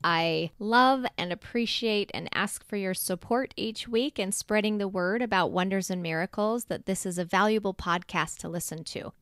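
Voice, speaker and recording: A woman's voice: medium pitch, moderate pace, few pauses, smooth, no room sound. A woman hosts a faith podcast. Her manner is gushing and tender and edges toward emotion. The sound is close and dry, with no room in it. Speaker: podcast host. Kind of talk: faith podcast outro and interview.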